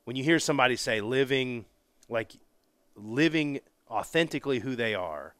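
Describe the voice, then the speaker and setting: A man hosting a casual podcast interview outdoors at a barbecue grill, talking in a relaxed, rambling way. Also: mid-range voice, moderate pace, no echo. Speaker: podcast host. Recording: faint grill sizzle behind. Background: food sizzling on the grill.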